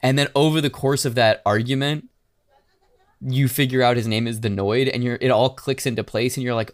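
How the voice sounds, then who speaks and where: A man co-hosting a casual podcast, recounting a strange crime story. He breaks into loud, animated, profane impressions of the people in it. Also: mid-range voice, fairly quick. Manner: animated storytelling, acting out shouted quotes with profanity. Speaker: podcast co-host.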